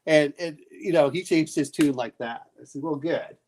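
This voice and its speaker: A man's voice: on the high side, normal speed, a little mellow, a little hiss or hum. A man chatting late at night, telling rambling family stories and acting out what people said, with many restarts. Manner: rambling storyteller, restarts often, acts out quotes. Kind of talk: casual late-night chat.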